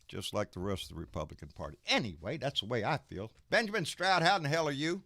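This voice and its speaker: A man's voice: mid-range voice, very animated, fast talker, hardly any pauses, fairly bright tone, no room sound, studio quality. A man from Texas hosting a political livestream, ranting angrily with plenty of profanity and calling guests in. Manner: angry, profane, emphatic ranting. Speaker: live stream host. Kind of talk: political rant and casual chat.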